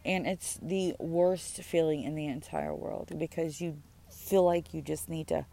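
A woman hosting her own podcast, talking anxiously and haltingly with many pauses and fillers, her throat tight with stress, recorded outdoors. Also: deep voice, fairly even intonation, creaky, warm tone. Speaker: podcast host. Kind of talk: personal podcast monologue. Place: outdoors in the sun.

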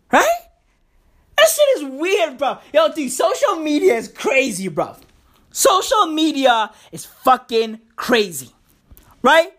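A woman's voice: sits high, sing-song, takes it slowly, a bit bright. A woman hosting her podcast alone, ranting with heavy swearing, sarcasm and a lot of repetition. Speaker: podcast host. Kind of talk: casual solo podcast rant.

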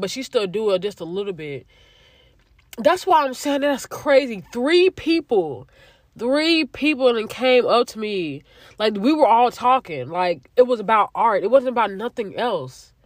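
A young adult podcast host in their twenties telling a story in a casual, profane and animated way. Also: medium pitch, dry recording, studio quality. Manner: chatty, profane, animated retelling.

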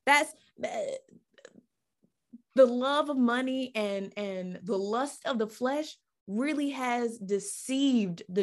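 Fervent woman preaching on a podcast. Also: a little high. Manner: fervent, repeats phrases, stumbles over restarts. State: getting emotional. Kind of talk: impassioned Christian teaching.

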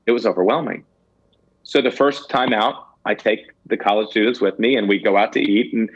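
A man's voice: medium pitch, dull audio. A man giving candid personal testimony as an interview guest, earnest and self-deprecating, with some stammered restarts. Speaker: guest telling a ministry story.

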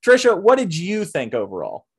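A man hosting a casual podcast, reviewing a film with lots of fillers and restarts, and breaking into animated rants. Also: sits high, normal speed, breathy edge. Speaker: podcast host. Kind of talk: casual movie review chat.

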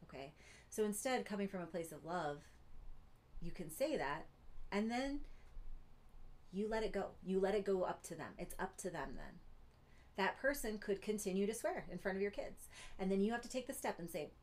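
A woman giving an earnest teaching talk, pausing often to check in with her listeners. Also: mid-range voice, very animated, darkish tone. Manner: earnest, keeps checking in with "Okay?". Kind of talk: teaching monologue.

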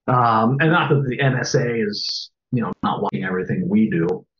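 A man in his fifties with a lowish voice co-hosts a casual chat, rambling and profane and often stopping to restart. The sound is dull and lo-fi. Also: normal speed. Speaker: podcast co-host and drummer.

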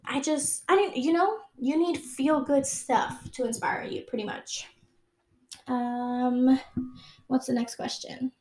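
A woman's voice: high voice, steady tone, slow pace, darkish tone, a little hiss or hum. A young adult woman vlogging, answering questions in a rambling, casual chat full of "like" and "um". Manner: rambling and chatty, lots of "like" and "um".

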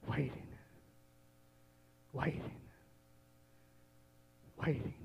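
A man with a very high voice preaches a sermon, shifting from quiet, low storytelling to shouted, drawn-out refrains he repeats over and over. The recording is close and dry with no room echo, and the high frequencies are cut off.

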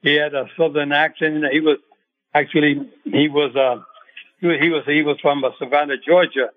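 An older man, a retired boxing referee, speaking as a radio show guest and recalling things in a halting way with many fillers and restarts. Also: a little high, fairly even intonation. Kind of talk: phone-in radio interview. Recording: tinny phone line.

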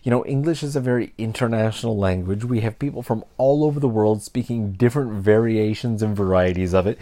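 Mellow-voiced Canadian man hosting a podcast. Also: on the low side, fairly quick. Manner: reflective, candid, with frequent self-corrections. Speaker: podcast host. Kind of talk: casual solo podcast monologue.

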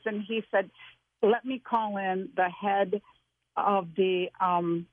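An older woman, a guest, telling an earnest, animated personal story in casual conversation, with many restarts. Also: mid-range voice, unhurried, no room sound. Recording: dry phone-line audio.

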